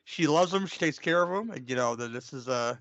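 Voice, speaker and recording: A man's voice: a little high, animated, a little fast, a bit bright, no echo. Joking podcast host man, dull dry sound. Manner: joking, stammering. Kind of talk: casual chat.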